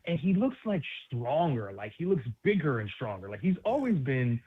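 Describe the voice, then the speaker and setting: A man's voice: mid-range voice, very animated, normal speed, a little hiss or hum. A man from New York City, a basketball analyst guest, chatting casually and animatedly on sports radio with street slang, over a tinny phone line.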